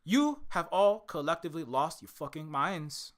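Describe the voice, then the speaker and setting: An indie game developer ranting on a livestream, swearing a lot, swinging from loud shouting to low muttering, with strained vocal cords. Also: animated, normal speed.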